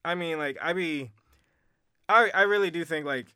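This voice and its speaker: A young man in his twenties, a podcast guest, talking excitedly with lots of slang and fillers. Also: fairly high pitch, moderate pace, clear, resonant tone, no echo, studio quality. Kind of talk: casual chat.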